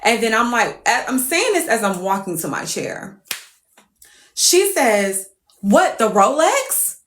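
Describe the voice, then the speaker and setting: A woman's voice: fairly high pitch, sing-song, unhurried, fairly bright tone, roomy sound. A woman telling a story casually to her viewers, profane and exclamatory.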